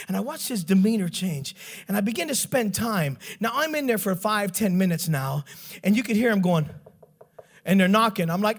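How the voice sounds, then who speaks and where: A middle-aged man preaching a joking, animated sermon story and acting out the voices in it. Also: high-pitched, a little fast.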